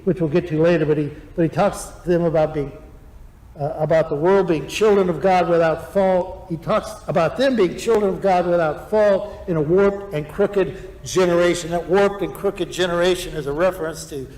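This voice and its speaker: A man preaching a sermon with lively energy, acting out complaining voices in the middle of his points. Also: high voice, echoey room, in a large hall, rough recording. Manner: animated, acts out grumbling voices. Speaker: pastor.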